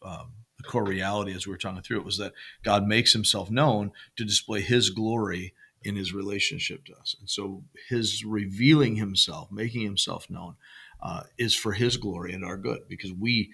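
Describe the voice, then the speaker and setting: A man's voice: fairly low pitch, fairly even intonation, normal speed, creaky, bright, forceful tone, husky. A man co-hosting a church podcast, talking casually and rambling through sermon themes with many fillers and restarts.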